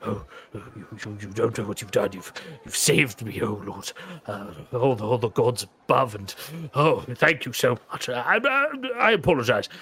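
A man's voice: medium pitch, animated, normal speed, pushed and bright. A jittery old servant who fawns over his betters and stumbles through every sentence, as a game master puts him on. He pleads and repeats himself while his voice wavers with nerves. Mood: relieved. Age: older. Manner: stammering, pleading, flustered. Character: nervous, fawning old male servant of a noble house.

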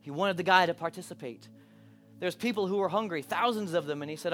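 A pastor preaching a sermon, moving between hushed, intimate moments and loud, animated bursts. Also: male voice, high voice, fairly quick. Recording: preaching over live keyboard music.

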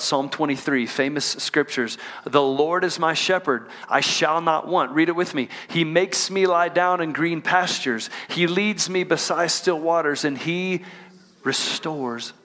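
Guy preaching in a church, slightly high voice, drawn out scripture bits, gets people to say stuff back. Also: sharp tone. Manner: call-and-response preaching, asks the congregation to repeat lines; drawn-out emphatic scripture reading. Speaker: pastor. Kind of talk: sermon. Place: church auditorium.

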